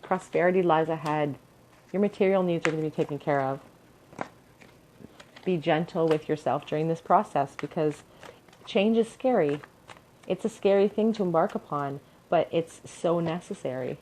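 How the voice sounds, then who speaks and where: A woman's voice: low voice, moderate pace, long pauses, dark tone, slight background noise, low-quality recording. A young woman giving an encouraging, earnest pick-a-card tarot reading to her viewers. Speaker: tarot reader.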